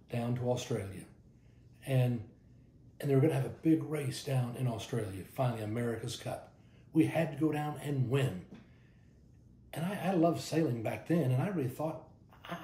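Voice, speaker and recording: A man's voice: mid-range voice, echoey room. An older man from Texas with a Texan accent, a pastor telling stories in a folksy devotional talk, often repeating his first word. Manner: warm anecdotal, repeats words at starts.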